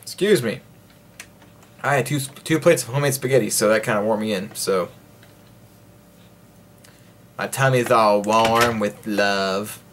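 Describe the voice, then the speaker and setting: Playing a video game, a gaming host talks to himself and his audience in rambling, jokey commentary, sometimes bursting into playful song. His voice is lowish and a bit bright, at a moderate pace, with slight background noise.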